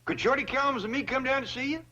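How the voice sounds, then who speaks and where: An actor playing a calm, plain-spoken rich old hillbilly man with a hillbilly drawl in a 1960s sitcom. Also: extremely high pitch, quick pace, dull audio, slight background noise.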